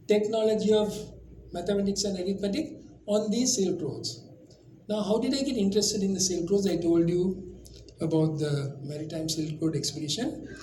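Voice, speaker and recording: A man's voice: sits high, a little mellow. A man from Sri Lanka, giving a public lecture as a humorous storyteller with chatty asides to the audience. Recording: roomy lecture hall with faint noise.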